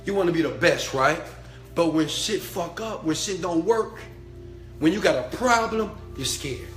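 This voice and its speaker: Male motivational preacher with a bright, forceful voice who goes from murmurs to shouted chants, recorded in a roomy space. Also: a little high, lively intonation, a little slow. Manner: blunt and profane. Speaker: motivational speaker and mentor. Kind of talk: fired-up motivational talk to an online audience. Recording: echoey room with faint music.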